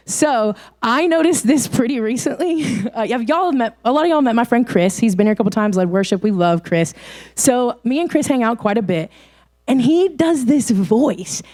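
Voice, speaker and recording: Young woman, youth speaker, light higher voice, chatty informal delivery. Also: darkish tone. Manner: chatty and informal, laughs often. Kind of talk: casual youth sermon.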